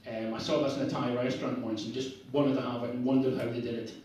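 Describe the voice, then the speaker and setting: A man's voice: medium pitch, flat delivery, quick pace, a little mellow. A man with a northeast Scottish accent doing a rambling, self-deprecating stand-up set at a bar open mic night. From Scotland. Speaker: stand-up comedian. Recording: echoey bar heard from a distance.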